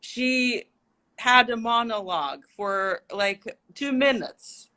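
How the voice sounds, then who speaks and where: A woman's voice: a little high, animated, slow, sharp tone. A woman from Russia, a native Russian speaker with a near-American accent, chatting as a livestream guest and explaining with examples. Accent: near-American English, Russian-born. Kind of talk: casual livestream interview.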